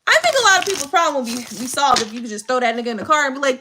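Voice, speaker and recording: Lively, high-voiced woman chatting on a live stream. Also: rapid-fire, heavy background noise. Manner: blunt, profane and laughing often. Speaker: tarot reader on a live stream. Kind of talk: casual live-stream chat.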